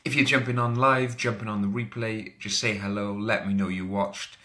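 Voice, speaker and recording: This Welsh motivational coach talks energetically during a live social media stream, calling out viewers by name. He has a lowish, pushed, bright voice with little pitch movement, delivered at a moderate pace.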